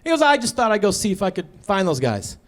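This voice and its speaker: Male stand-up comic, animated, shouts punchlines, lively swooping voice, high pitch. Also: fast talker. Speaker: stand-up comedian. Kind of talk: stand-up storytelling. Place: stage before a live audience.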